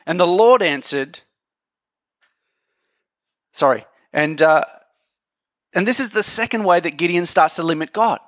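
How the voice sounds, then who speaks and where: Bright-voiced man preaching a sermon. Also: a little high, expressive, moderate pace, pauses often, no echo, clean studio sound. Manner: conversational, jokey preaching with audience asides.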